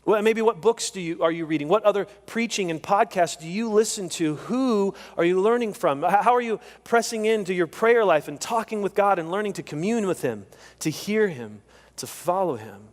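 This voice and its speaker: High-voiced pastor preaching in a reverberant church. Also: male voice, lively intonation, normal speed. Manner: emphatic, repeats key phrases. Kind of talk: sermon. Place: church sanctuary.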